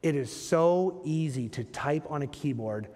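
A man's voice: a little high, animated, a little slow, a little mellow, in a large hall. A male pastor preaching a sermon in a church sanctuary, talking conversationally and putting rhetorical questions to the congregation.

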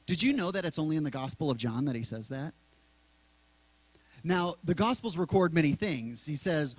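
A middle-aged male pastor preaching in a church sanctuary, talking conversationally and slowly repeating key words. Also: on the high side, expressive, dry recording, low-quality recording. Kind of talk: sermon.

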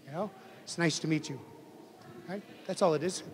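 A man's voice: on the high side, moderate pace. A man teaching a language class who leads a group through a spoken drill, chuckles often and keeps urging them to speak up. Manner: encouraging, chuckling, calls for more volume. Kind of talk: leading a group drill of a greeting. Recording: long hall reverb.

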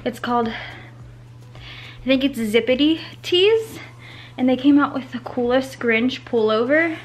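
Chatty high-voiced young woman vlogging. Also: lively intonation, a little slow, long pauses. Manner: chatty, rambling, self-correcting. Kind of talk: casual vlog chat. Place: home.

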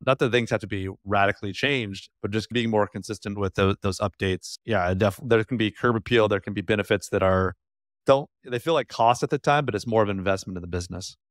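A man's voice: on the low side, no echo, studio quality. A man co-hosting a casual podcast, agreeable and building on his partner's points. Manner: quick, agreeable, builds on the other host's points. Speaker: podcast co-host, podiatrist.

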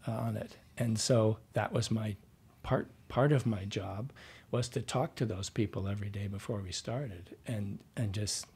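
A man's voice: lowish voice, fairly even intonation, normal speed, a little mellow, slightly rough. A middle-aged man, a dialect coach, telling anecdotes in a casual interview and quoting himself as he goes.

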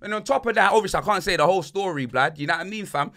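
Young podcast host, bright and lively, full of slang and put-on voices. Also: male voice, sits high, very fast. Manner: animated, slang-heavy, acts out voices in his stories. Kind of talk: casual storytelling chat.

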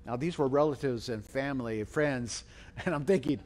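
A middle-aged pastor tells a story during his sermon, acting out the quoted voices with big pitch swings. He speaks at normal speed with a slightly mellow voice.

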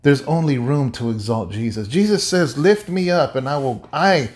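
A male pastor giving an animated, conversational sermon-like talk, often repeating himself. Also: medium pitch, normal speed. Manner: animated, repetitive, conversational preaching. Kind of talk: casual sermon-like chat.

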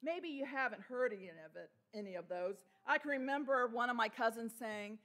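A woman pastor from Texas preaching a sermon in a church, telling stories in a lively way. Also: a little high, moderate pace, hardly any pauses. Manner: storytelling with laughs and imitated voices. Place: church sanctuary.

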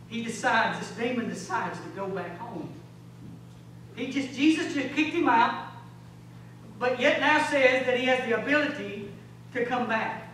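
A man preaches with a high, bright, ringing voice, trading loud exhortation for low intense stretches. He throws out rhetorical questions and folksy asides. The sound is very echoey, picked up from a distant mic with a faint hum. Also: unhurried, long pauses. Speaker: pastor. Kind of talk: sermon. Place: large church sanctuary.

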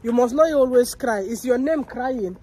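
A woman vlogging on a walk outdoors with her children, gently coaxing and talking to them. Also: a little high, moderate pace, slight background noise. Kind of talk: casual family vlog.

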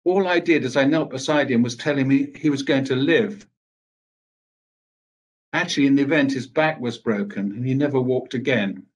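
An older man giving a speech, telling a personal recollection in a measured, grave way with pauses. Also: mid-range voice. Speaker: speaker at a veterans' event.

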